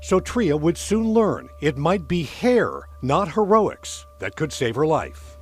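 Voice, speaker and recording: A man's voice: on the high side, big pitch swings, slightly rough, faint music behind. Man narrating a crime news story. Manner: measured, dramatic storytelling delivery. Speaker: TV news reporter.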